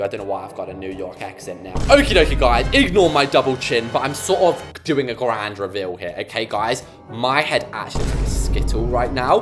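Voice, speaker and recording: A woman's voice: rumbling low, big pitch swings, normal speed, hardly any pauses. A woman chatting bubbly and casually to her viewers while building in a game. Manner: chatty, bubbly, talks to chat. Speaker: gaming YouTuber. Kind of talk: casual gameplay commentary. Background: background music.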